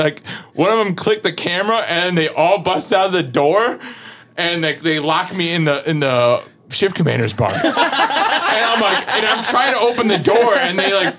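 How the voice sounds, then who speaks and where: This thirty-something man, a guest on a podcast, has a high-pitched voice and talks at a normal speed. Spinning a long, casual anecdote, he stays animated, laughs a lot, and leans heavily on "like" as filler.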